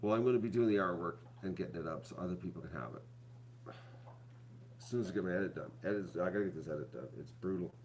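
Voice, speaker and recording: A man's voice: sits low, quick pace, a little mellow, slight background noise. A middle-aged man, chatting casually to viewers at home, rambling and repeating himself. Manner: addresses viewers as folks. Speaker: vlog host.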